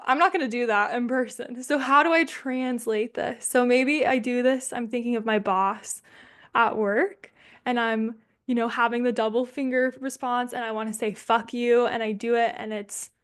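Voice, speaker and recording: A young woman leading an online somatics workshop over a video call, speaking casually and candidly, swearing freely and thinking aloud with pauses. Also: fairly high pitch, smooth.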